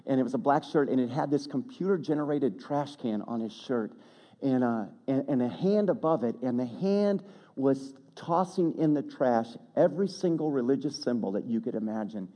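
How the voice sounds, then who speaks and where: A man's voice: mid-range voice, expressive, normal speed, dark tone. A man preaching a sermon, telling a story in a folksy, chatty way with self-deprecating asides. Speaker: pastor. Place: church sanctuary. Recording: long hall reverb.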